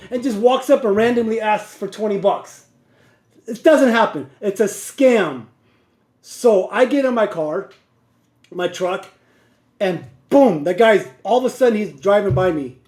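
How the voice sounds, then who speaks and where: A man's voice: sits high, a little mellow, echoey room. A man who drives a truck tells a story casually and animatedly, laughing and wandering off on side tracks.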